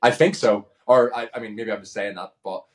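A Northern Irish man chatting easily as an interview guest, relaxed and full of casual fillers. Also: fairly low pitch, brisk. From Northern Ireland. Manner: easygoing, chatty, frequent "like" fillers. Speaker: guest, pro wrestler.

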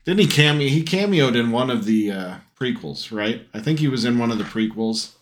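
Expressive and fairly quick, this middle-aged man's mid-range voice carries a casual, rambling chat on the podcast he co-hosts with his son. He uses many fillers and frequently restarts.

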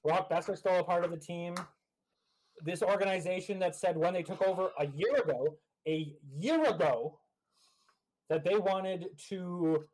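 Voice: medium pitch, darkish tone, low-quality recording. Blunt sardonic hockey podcaster. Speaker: podcast co-host. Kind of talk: casual hockey podcast chat.

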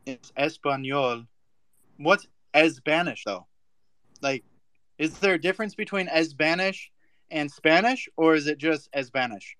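A man's voice: fairly high pitch, unhurried, fairly bright tone, no room sound. A man on a casual voice chat, explaining points at length and teasing others with sarcasm.

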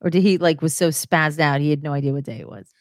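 A woman's voice: sits low, steady tone, fast, no echo, studio quality. A woman co-hosting a podcast, laughing often and reading out viewer comments in casual banter. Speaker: podcast co-host.

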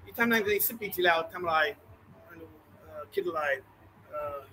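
A man with a high, bright voice chats easily as host of a live stream from a bar, joking with the people around him and calling them mate and darling. A light hiss and soft bar ambience sit behind him. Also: measured pace, poor audio. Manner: chatty, jokey, calls people mate and darling. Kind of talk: casual live-stream chat.

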